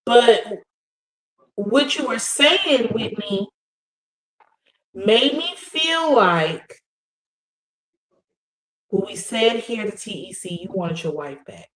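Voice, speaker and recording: A woman's voice: mid-range voice, lively intonation, slow, long pauses, a bit bright. A woman co-hosting a livestream, chatting loosely and directly to her viewers. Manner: loose, talky, addresses the audience directly. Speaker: livestream co-host. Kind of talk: casual chat to viewers. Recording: roomy echo.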